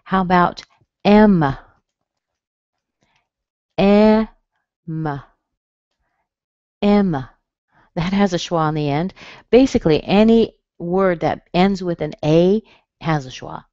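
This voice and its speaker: A woman's voice: fairly low pitch, a little mellow, no echo. A woman teaching pronunciation in an online class, patiently saying words again and again. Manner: slow, patient, repeats words for drill. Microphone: computer mic. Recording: dull muffled webinar audio, dry.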